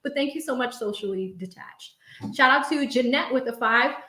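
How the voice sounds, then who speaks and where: Reading super chats aloud on a casual home live stream, this young host chats expressively and laughs a lot. She speaks at a normal pace in a fairly high, sharp-toned voice, and the recording sounds roomy.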